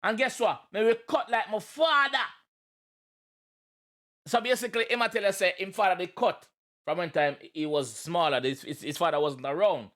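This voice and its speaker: A man with a Jamaican accent giving casual, animated reaction commentary, exclaiming and explaining lyrics. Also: high-pitched, moderate pace. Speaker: reaction video host.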